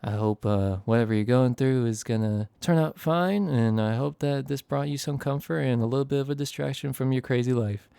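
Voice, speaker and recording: Laid-back young man with gravelly voice. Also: mid-range voice, brisk, hardly any pauses, dark tone, no room sound. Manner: laid-back, rambling, self-deprecating. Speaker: storytime YouTuber. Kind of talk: casual storytime narration.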